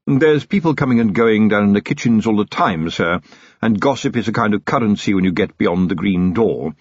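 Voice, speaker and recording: A man's voice: fairly low pitch, expressive, a little fast, slightly rough, dry recording, highs cut off. Man putting on a cheeky, knowing manservant. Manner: blunt, knowing, chatty. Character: shrewd cheeky male manservant, middle-aged.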